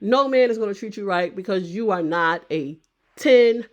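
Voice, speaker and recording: A woman's voice: medium pitch, animated, moderate pace, lo-fi sound. A woman vlogger giving casual opinion commentary, thinking aloud and often restarting and repeating phrases.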